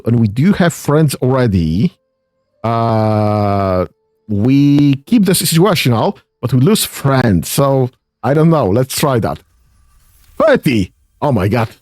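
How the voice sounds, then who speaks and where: Casting: a male game streamer, casual, hesitant, with a very lively pitch. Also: no room sound, studio quality. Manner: thinking aloud, hesitant, full of ums. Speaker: gaming streamer. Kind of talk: casual let's-play commentary.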